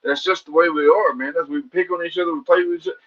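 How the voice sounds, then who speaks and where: Joking fighter, slightly high, dull audio. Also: male voice, fairly even intonation, fast talker. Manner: joking, laid-back, folksy sayings. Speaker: bare-knuckle fighter guest. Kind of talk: casual interview.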